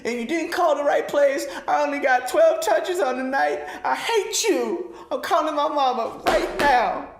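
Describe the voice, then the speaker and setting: A man's voice: animated, measured pace, few pauses, roomy sound, heavily acted. A man doing a whiny, upset football star. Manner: high whining complaint.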